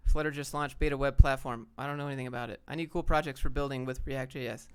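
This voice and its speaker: A man's voice: mid-range voice, steady tone, quick pace, fairly bright tone, clear, resonant tone. Blunt, offhand young man streaming. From Atlanta, Georgia, US. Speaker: streamer answering chat questions. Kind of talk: casual livestream Q&A.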